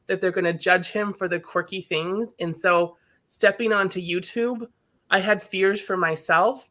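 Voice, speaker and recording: A woman's voice: on the low side, bright, forceful tone. A woman guest on a live chat, speaking sincerely and gratefully as a mom, in casual wording. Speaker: guest parent. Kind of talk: heartfelt live-stream chat.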